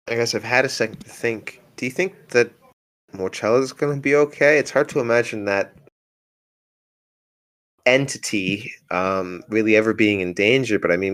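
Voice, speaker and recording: A worried male adventurer, voiced by a man running the game muses aloud in a fairly low, everyday voice. He pauses and hedges as he thinks. It sounds like a casual tabletop session rather than a staged performance. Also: a bit bright, close to an everyday voice. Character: concerned male adventuring companion.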